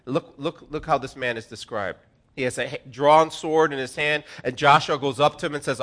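A pastor preaching to his congregation, his somewhat high voice bright and forceful. He is earnest and preacherly, dropping to a hush, then rising to emphatic stress. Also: steady tone, moderate pace. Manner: swings from hushed to emphatic. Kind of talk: sermon.

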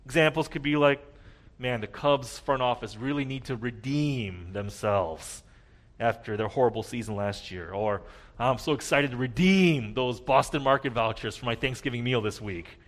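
A man preaching a sermon, earnest, rising to loud emphasis and dropping to a near hush at key points. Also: medium pitch, normal speed. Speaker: pastor.

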